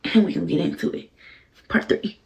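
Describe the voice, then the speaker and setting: A woman vlogger telling a story casually while getting ready, animated and profane, full of fillers. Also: brisk.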